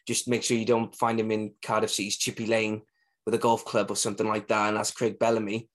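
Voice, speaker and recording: A man hosting a casual interview, asking questions and telling an animated anecdote. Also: on the low side, fairly quick. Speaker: interviewer, host.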